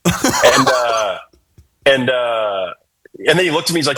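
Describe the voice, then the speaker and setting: A man's voice: mid-range voice, animated, moderate pace, a bit bright, poor audio. A man from New Hampshire, a podcast guest, telling casual stories in a laid-back way, swearing freely, with lots of fillers. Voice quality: husky. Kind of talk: casual storytelling.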